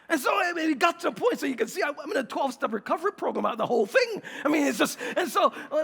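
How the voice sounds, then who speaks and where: A man with a New York accent preaches a sermon in a large hall, and his voice carries a long reverb. He sits high and a little gravelly for a man. He jokes and acts out everyday scenes, then slows down and softens for scripture. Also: expressive. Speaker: pastor.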